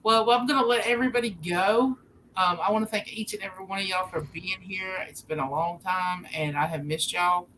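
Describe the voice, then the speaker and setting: A woman's voice: mid-range voice, a little fast, slight background noise, rough recording. A woman hosting a live stream, teasing her guests and signing off to the viewers. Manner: teasing and warm sign-off. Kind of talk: casual chat. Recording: live stream with faint ambience.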